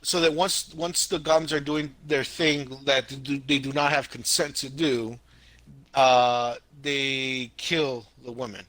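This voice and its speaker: A man co-hosting a podcast in casual chat, telling stories in an animated way with sound effects and slang. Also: medium pitch, a little slow, dry recording. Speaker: podcast co-host.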